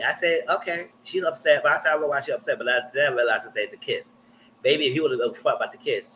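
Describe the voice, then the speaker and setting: A young man, hosting a live reality TV recap in casual commentary with animated, exaggerated re-enactments. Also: medium pitch, a little hiss or hum, rough recording.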